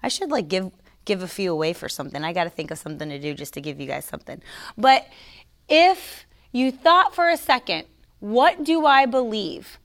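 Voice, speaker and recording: A woman giving a casual, conversational faith teaching to her online followers, emphatic and sometimes mocking, pausing to sip coffee. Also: mid-range voice, expressive, a bit bright. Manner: sips coffee while talking. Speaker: Christian teacher.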